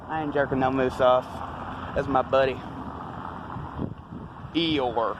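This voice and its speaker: A man's voice: mid-range voice, fairly even intonation, slow, long pauses. A man vlogging casually outdoors, joking in slang as he walks among statues. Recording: noisy outdoor recording.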